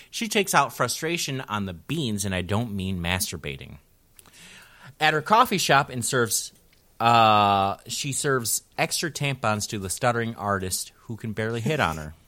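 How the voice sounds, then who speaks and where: Crude, lively male podcast host. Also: medium pitch. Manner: crude joking, laughs often. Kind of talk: casual anime recap chat.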